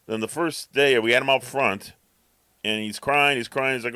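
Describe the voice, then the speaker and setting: Man, bright voice, dry close sound, rambling storyteller, casual podcast chat. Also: mid-range voice, steady tone, brisk, clear, resonant tone, dry recording. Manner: rambling storyteller, acts out the cat's thoughts. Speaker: podcast co-host.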